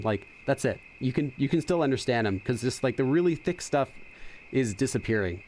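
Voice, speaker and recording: A man's voice: medium pitch, expressive, quick pace, darkish tone, slight background noise. A middle-aged man hosting a casual game playthrough, chatty and explaining as he goes. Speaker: gaming channel host. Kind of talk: casual let's-play commentary.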